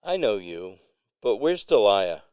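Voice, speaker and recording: Give me a shy stammering farmer lad with a smooth, slow voice, as a man acts him. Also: on the low side, very animated, darkish tone, no room sound, studio quality, voice pushed up. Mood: nervous. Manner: hesitant, stammering. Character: shy young male farmer, awkward, nervous.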